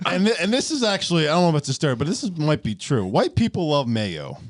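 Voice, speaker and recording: A young man on a casual podcast, mid-pitched with a lively lilt, recorded dry and close. He stumbles, restarts and trails off into chuckles. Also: fast, no echo. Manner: hesitant, restarts, trails off with laughs. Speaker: podcast co-host. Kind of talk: casual chat.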